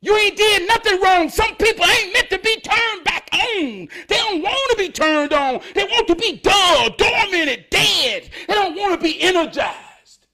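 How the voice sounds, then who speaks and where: A man giving an emotional motivational monologue, fervent and preachy, cursing and laughing, swinging between loud outbursts and hushed talk. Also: very high-pitched, expressive, a little slow. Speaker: motivational speaker.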